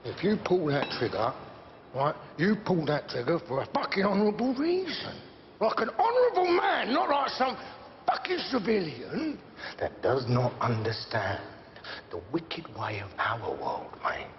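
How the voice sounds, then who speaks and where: An actor playing a volatile middle-aged gangster, rambling and profane. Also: male voice, sits high, sing-song, a little slow, exaggerated voice. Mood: ranting. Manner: rambling, profane, swings between mumbling and shouting. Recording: muffled series audio, echoey hall, faint hiss.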